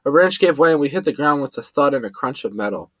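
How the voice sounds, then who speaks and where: A man's voice: fast talker, no echo, low-quality recording. A man narrating a first-person adventure story, lifting his voice for the characters' lines. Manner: lively, shifts pitch up for quoted characters.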